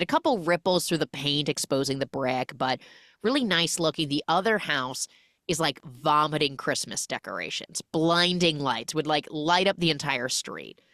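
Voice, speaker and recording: A woman hosting a podcast, casually recapping a film as an animated storyteller who acts out the characters' lines. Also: deep voice, dry recording, studio quality. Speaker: podcast host.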